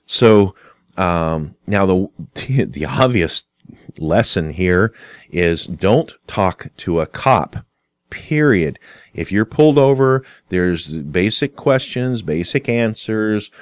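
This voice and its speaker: A man explaining arguments in a casual spoken lecture, unhurried and explanatory. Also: low-pitched, expressive, smooth, no echo. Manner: unhurried, explanatory, acts out quoted dialogue. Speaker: instructor on arguments and fallacies.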